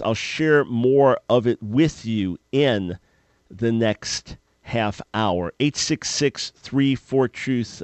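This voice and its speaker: A man hosting a call-in radio talk show, speaking in an earnest, measured way. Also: mid-range voice, dry recording. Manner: earnest, measured, thinking aloud.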